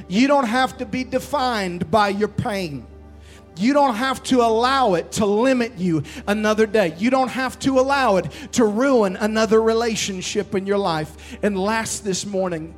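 A man delivers a sermon from the pulpit, his voice high for a man. He calls out to the congregation and drags out the lines he wants to land. Faint music plays under his words. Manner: preaching with call-and-response, building emphasis and slowing for key lines. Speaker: pastor. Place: church sanctuary.

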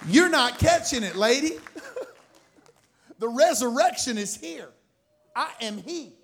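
A male pastor preaching a sermon, animated, swinging between loud bursts and quiet asides. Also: very high-pitched, slow, gravelly, a faint crowd, a little hiss or hum.

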